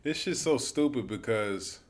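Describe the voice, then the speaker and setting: A man's voice: low-pitched, steady tone, moderate pace. A man hosting a livestream, giving loose, profane, casual commentary on videos he is watching. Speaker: livestream host.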